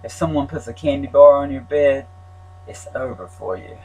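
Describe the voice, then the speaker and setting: A man voicing a raspy, mocking inmate. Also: medium pitch, normal speed, darkish tone, recorded from a distance, pitched above the performer's own voice, low-quality recording. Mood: teasing. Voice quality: raspy, smoky. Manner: mocking and teasing, then blunt advice. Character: male fellow inmate, joking and streetwise.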